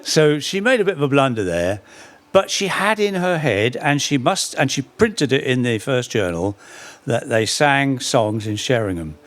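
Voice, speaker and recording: Middle-aged guy giving a talk, pitch jumps around a lot, dry jokes, keeps correcting himself. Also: moderate pace. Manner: lively storyteller with dry humour and self-corrections. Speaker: speaker giving a public talk. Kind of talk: anecdotal lecture on local folk history.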